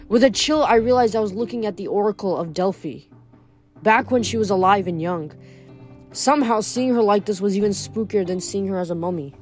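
A woman reading a novel aloud in steady storytelling, with small slips, faint music behind. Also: mid-range voice, a little fast. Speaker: reader.

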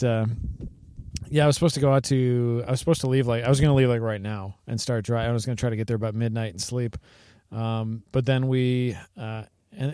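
A man's voice: medium pitch, mellow, clear, resonant tone, no echo, clean studio sound. A man co-hosting a podcast in casual chat, rambling through stories with many fillers and restarts and laughing often. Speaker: podcast co-host.

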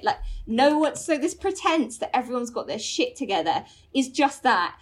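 Animated woman comedian telling a story. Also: high-pitched, normal speed, few pauses, slightly rough. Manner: animated storyteller, lots of fillers, frequent swearing. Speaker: guest comedian. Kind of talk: casual podcast chat, anecdote telling.

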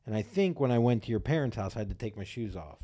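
A man's voice: fairly low pitch, animated, fast, mellow. A man co-hosting a comedy podcast, chatting casually and joking crudely with plenty of swearing. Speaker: podcast co-host.

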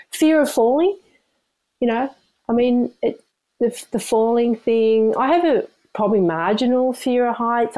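A woman's voice: medium pitch, dark tone, poor audio. A woman, talking candidly and animatedly as an interview guest, with frequent restarts and self-deprecating asides. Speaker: guest, runner.

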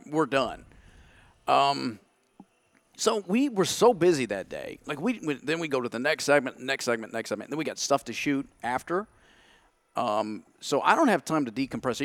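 Man, animated storyteller, lively pitch, dry recording. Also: dry recording. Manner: animated storytelling, acts out his own past thoughts. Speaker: podcast guest. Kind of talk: casual chat.

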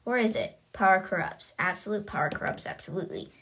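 A woman's voice: mid-range voice, lively intonation, fast, a bit bright, slightly rough. A woman reading as a stern, guarded young man.

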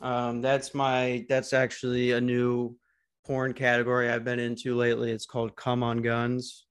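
Male podcast host from Arizona, mid-pitched, deadpan and crude, on a call. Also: moderate pace, clear, resonant tone. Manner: joking, deadpan crude humor. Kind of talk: crude casual podcast banter. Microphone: online call.

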